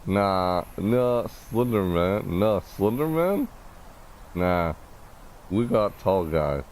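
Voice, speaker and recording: A man streaming a live reaction, thinking aloud, rambling and correcting himself, with excitable bursts. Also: very slow, slight background noise. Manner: excitable, bursts into high shouts.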